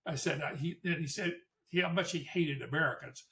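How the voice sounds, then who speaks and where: A man's voice: fairly high pitch, brisk, gravelly, sharp tone, recorded from a distance, slight background noise. An older man, a war veteran, telling memories to an audience in a storytelling way, with restarts and emphatic repetition. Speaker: Vietnam War veteran speaker.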